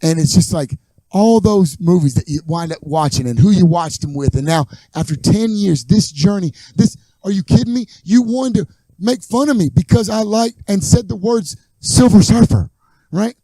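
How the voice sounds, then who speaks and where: A man with a high, bright voice tells stories on a podcast, quoting himself with big swings. The sound is dry and close, with no room around it. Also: moderate pace, dry recording. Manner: animated storyteller, acts out quotes. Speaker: podcast host. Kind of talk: casual chat.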